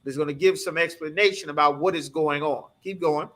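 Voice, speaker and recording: A man's voice: on the high side, steady tone, brisk, a bit bright. A man teaching a scripture class, preaching emphatically in a streetwise way and asking the class rhetorical questions. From United States.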